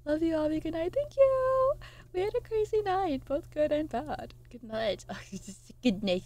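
A young woman streamer chatting casually with her viewers, reading out chat messages and swearing, excitable. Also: high-pitched, normal speed.

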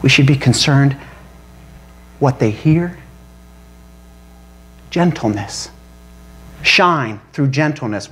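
A man preaching a sermon to a congregation, asking them questions, calling for amens and laughing as he tells stories. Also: medium pitch. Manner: animated, engages congregation with questions and calls for amen; laughs while telling stories. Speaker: pastor. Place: church service before a congregation.

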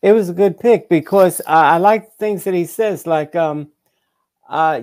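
A man's voice: sits high, a little mellow. A man co-hosting a sports and politics podcast, chatting casually with sarcastic jokes. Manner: wry, quick with sarcastic jokes. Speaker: podcast co-host.

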